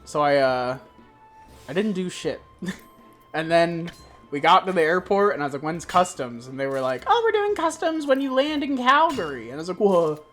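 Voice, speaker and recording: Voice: medium pitch, moderate pace, soft background music. A streamer from Florida telling a travel story in casual, profane chat, acting out the people in it. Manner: animated, profane, puts on voices for quoted people.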